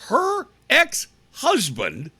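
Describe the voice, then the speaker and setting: Raspy, animated, sarcastic male talk host. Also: extremely high pitch, very slow. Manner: sarcastic, mocking, acts out people in put-on voices. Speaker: radio talk show host. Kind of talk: opinionated political talk monologue. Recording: live radio broadcast stream.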